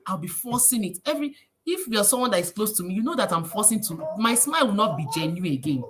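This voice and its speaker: Animated Nigerian woman giving advice. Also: medium pitch, fast. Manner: animated, preachy, mixes in Pidgin phrases. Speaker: livestream host. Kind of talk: casual livestream talk.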